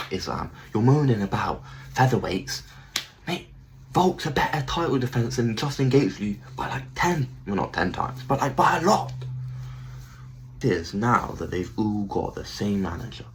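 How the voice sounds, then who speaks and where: A man rants excitedly about fighters in a casual commentary. His voice sits at a mid pitch, and he swears often and keeps repeating his points. A faint hiss sits under the recording. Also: low-quality recording. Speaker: MMA commentary channel host.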